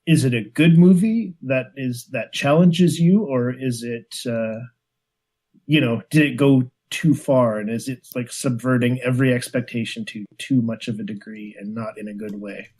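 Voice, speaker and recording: A man's voice: medium pitch, normal speed, darkish tone, husky. A man co-hosting a casual podcast, thinking aloud in a hesitant way, full of "like". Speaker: podcast co-host. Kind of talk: casual chat.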